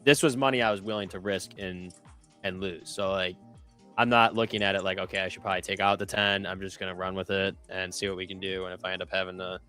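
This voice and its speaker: Rambling young male trader, smooth voice. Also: low-pitched, little pitch movement, fast talker, sharp tone, soft background music. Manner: loose, rambling, lots of "like" fillers and self-corrections. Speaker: trader on a live trading stream. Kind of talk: casual chat.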